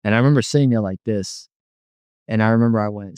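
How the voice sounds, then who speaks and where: A man's voice: on the low side, fast talker, a little mellow, clean tone, no echo. A young man telling his personal faith testimony in an earnest, rambling way, with many restarts.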